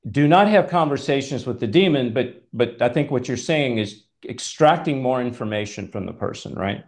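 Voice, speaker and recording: A man's voice: medium pitch, lively intonation, normal speed. A man hosting a conversational Bible teaching, emphatic and at times exasperated as he reads scripture aloud. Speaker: host and preacher.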